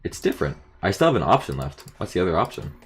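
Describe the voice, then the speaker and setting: A man's voice: low voice, big pitch swings, quick pace, husky, soft background music. A man casually commenting while he plays a story game, rambling with lots of fillers. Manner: chatty, rambling, filler-heavy. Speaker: streamer playing a visual novel.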